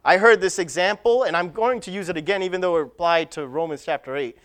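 A preacher giving an animated sermon, stressing and repeating key lines. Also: mid-range voice, quick pace.

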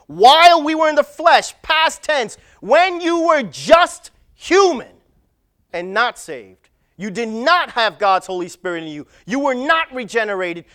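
An animated preacher delivering a sermon, with a voice that rises and falls widely for emphasis. Key lines are stressed and repeated, the delivery swinging between loud exhortation and quieter storytelling. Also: mid-range voice.

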